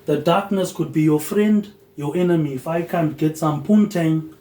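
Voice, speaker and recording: Man, rambling solo podcast monologue, slightly high voice, mellow dark tone. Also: roomy sound, low-quality recording. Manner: tacks a low, quiet "mate" onto the end of phrases; drifting, loosely connected talk with "um" pauses. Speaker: podcast host.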